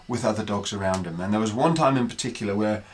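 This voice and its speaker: A man's voice: fairly low pitch, fast talker. Man telling stories on a podcast. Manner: conversational, anecdotal, acts out quotes. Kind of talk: podcast monologue, storytelling.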